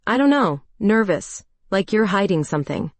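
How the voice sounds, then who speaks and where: A woman's voice: medium pitch, very animated, normal speed, no echo, lightly acted. A woman putting on Sarah, a bossy teasing best friend. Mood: probing. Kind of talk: storybook dialogue.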